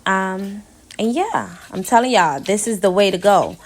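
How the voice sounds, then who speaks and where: A young woman walks viewers through a home cooking recipe in a loose, chatty way, calling them "y'all" as she goes. Her voice sits at an ordinary middle pitch and her pace is slow and unhurried. A faint sizzle of frying runs low behind her. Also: slight background noise. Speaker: home cook vlogger. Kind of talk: casual cooking tutorial. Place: home kitchen.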